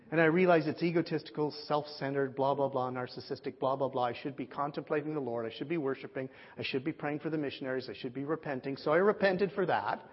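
Animated male preacher in a reverberant hall. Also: a little high. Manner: animated storyteller, acts out dialogue. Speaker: pastor. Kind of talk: sermon storytelling. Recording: muffled sound with long hall reverb.

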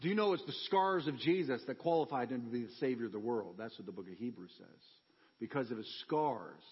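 A man's voice: a little high, slightly rough, big-room sound, dull audio. A man preaching a sermon in a church, telling personal stories with humor and energy. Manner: animated personal storytelling with humor.

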